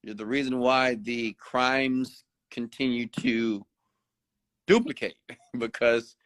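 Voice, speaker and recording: A man delivering a late-night motivational rant, preachy and repetitive, now and then jumping high to mimic other people. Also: takes it slowly, no room sound. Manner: animated, mimics other people with sudden high-pitched outbursts; preachy, repeats phrases for emphasis. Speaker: motivational host. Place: Houston.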